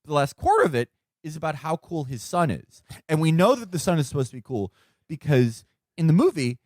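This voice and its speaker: Brief: male podcast co-host, lively jokey delivery, dry close sound. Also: fairly high pitch, fairly quick, no room sound. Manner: animated, jokey, slips into mocking voices. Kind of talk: casual podcast banter.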